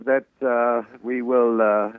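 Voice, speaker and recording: An older man, a professor emeritus, answering interview questions in a halting way, with many restarts and fillers. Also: medium pitch, little pitch movement, clean tone, no echo. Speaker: interview guest, author and emeritus economics professor. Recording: tinny phone line.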